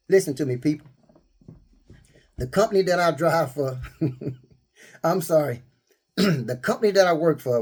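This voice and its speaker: A man telling everyday stories and quoting scripture in a casual, laughing preaching style. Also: a little high. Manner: laughing, animated storyteller who quotes scripture. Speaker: spiritual vlogger.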